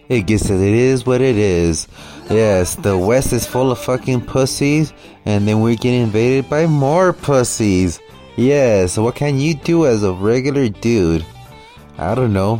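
A man's voice: lowish voice, warm tone. A man doing profane, mocking commentary over a video clip, with a sneering, swearing manner.

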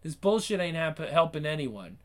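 A man's voice: on the high side, sing-song, normal speed. A man plays a jumpy crook, tense and sweary as he speaks in a tough-guy drawl. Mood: edgy. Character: edgy American hoodlum, jumpy and profane.

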